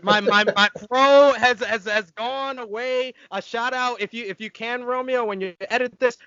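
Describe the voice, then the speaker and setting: A man hosting a casual wrestling roundtable, hyping up guests with energetic introductions. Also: very high-pitched, normal speed, clean tone, no echo, highs cut off. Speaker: podcast host.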